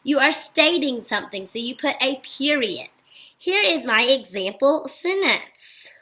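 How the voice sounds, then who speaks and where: A woman teacher giving a recorded phonics lesson to young children, speaking slowly and clearly and praising them often. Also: sits high, expressive, pushed and bright, rough recording.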